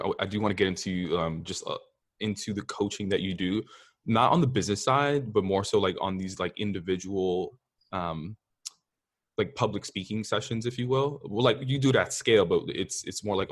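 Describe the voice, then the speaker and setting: A man hosting a podcast interview, talking in a relaxed, thoughtful way with many fillers. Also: on the low side. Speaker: podcast host. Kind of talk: casual interview talk.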